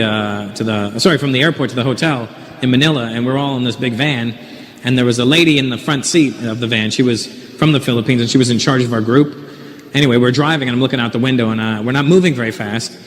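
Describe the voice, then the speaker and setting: A man doing stand-up comedy from Canada, animated and teasing the audience as he tells stories on a large theater stage. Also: medium pitch, slight background noise. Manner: animated, teasing audience members, puts on voices. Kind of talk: stand-up comedy with crowd work.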